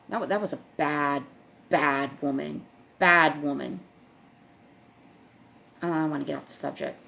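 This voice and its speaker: A woman's voice: low-pitched, gravelly, fairly bright tone. A woman vlogger speaking in an emphatic, repetitive monologue to her viewers, often checking in with "all right?".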